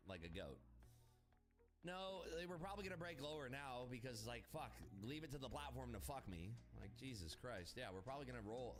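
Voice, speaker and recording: A man streams his day trading and rants through it in a loose, profane, exasperated way. His pitch leaps and drops constantly, and steady music plays clearly behind him. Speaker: day trader streaming live. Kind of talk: casual live-stream commentary.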